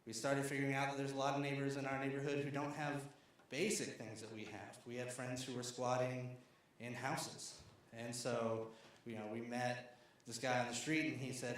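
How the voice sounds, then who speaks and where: A man's voice: mid-range voice, fairly even intonation, a little fast, a little hiss or hum. A man from Arkansas giving a conversational storytelling talk at a lecture series, with fillers and restarts. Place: large lecture hall. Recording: very echoey hall.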